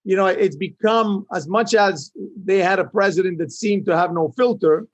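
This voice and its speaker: A man's voice: high-pitched, moderate pace, highs cut off. A middle-aged man from Canada, an entrepreneur guest in an interview, talking emphatically and often seeking agreement. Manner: emphatic, animated, seeks agreement with "right?". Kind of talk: interview conversation.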